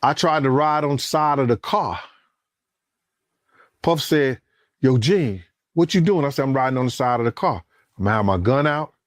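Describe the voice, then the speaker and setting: Animated, cursing storyteller man, dry sound. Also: mid-range voice, normal speed, pauses often, no room sound. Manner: acts out quoted lines, cursing, rising to shouts when excited. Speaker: interviewee telling a story.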